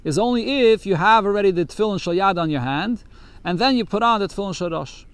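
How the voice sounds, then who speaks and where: Man teaching a text lesson, somewhat high. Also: fast, clear, resonant tone, dry recording. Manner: reads Yiddish text aloud, then explains it in English. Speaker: Torah teacher.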